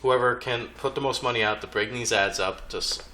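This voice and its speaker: A man's voice: mid-range voice, steady tone, fairly quick, pushed and bright. A man from the United States, a podcast guest who jokes around and tells anecdotes from work. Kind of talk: casual podcast chat.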